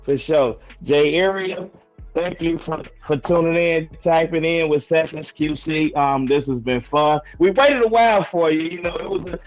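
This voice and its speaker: A man's voice: a little high, moderate pace, muffled recording, soft background music. A man hosting a casual podcast interview, talking in a hyped way and repeating his favorite phrases. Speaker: podcast host.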